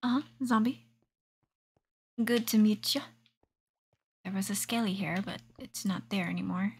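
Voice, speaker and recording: A woman's voice: mid-range voice, measured pace, slightly rough. A young woman streaming a game live, chatting to herself and often dropping into a whisper. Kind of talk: live gameplay commentary.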